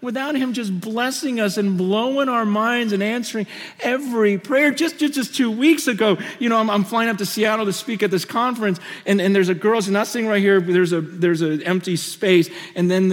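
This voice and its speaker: Male preacher, fairly high voice, impassioned storyteller with lots of repeats, big hall with long reverb. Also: normal speed. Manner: impassioned, repeats himself, swings between loud and hushed. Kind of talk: sermon storytelling. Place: on a stage in a large hall.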